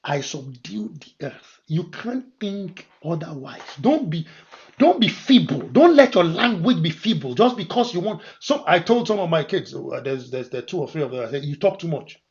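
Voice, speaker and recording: A man preaching a sermon as pastor, moving from quiet scripture reading to loud, emphatic declarations. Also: on the high side, very animated, moderate pace. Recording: dull lo-fi sermon recording.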